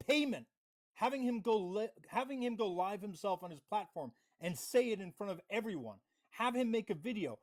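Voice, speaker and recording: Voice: medium pitch, animated, moderate pace, darkish tone. A livestream host giving confrontational commentary, reading out messages and mocking the other side. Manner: reads out chat messages.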